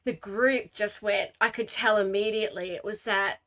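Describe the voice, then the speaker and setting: A woman hosting a podcast who tells stories in a lively conversational way, acting out quotes. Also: mid-range voice, normal speed. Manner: animated storytelling with acted quotes. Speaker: podcast host and leadership coach. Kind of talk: casual conversation.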